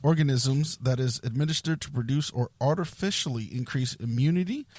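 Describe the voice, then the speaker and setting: A man's voice: medium pitch, fairly quick, a little mellow. Man reading an article on a podcast. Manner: stumbles over long words, laughs at himself. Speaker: podcast host. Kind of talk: casual podcast chat, reading an article aloud.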